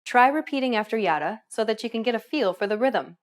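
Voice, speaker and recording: A woman's voice: a little high, lively intonation, quick pace. Upbeat woman narrating a language lesson. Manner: upbeat, clear instructional delivery. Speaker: language teacher.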